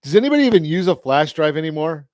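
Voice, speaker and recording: A man's voice: a little high, very animated, fast talker, darkish tone, dry recording, studio quality. A man hosting a radio talk show, rambling chattily with joking asides. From Southern California. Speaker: radio host. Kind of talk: casual talk radio monologue.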